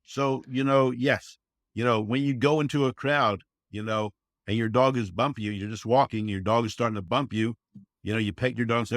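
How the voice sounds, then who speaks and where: A man's voice: mid-range voice, fairly even intonation, brisk, no room sound, clean studio sound. A man speaking as a podcast guest in casual conversation, earnest and folksy, often saying "you know" and acting out quotes. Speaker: guest, service dog trainer.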